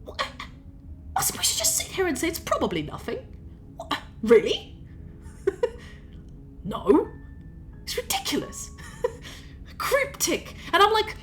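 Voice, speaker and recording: A woman's voice: very high-pitched, huge pitch swings, takes it slowly, pauses often, a bit bright, a little hiss or hum. A woman streaming a game, ranting casually and rambling in an exasperated way, with swearing throughout. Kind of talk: casual gaming stream chat. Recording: game music in background.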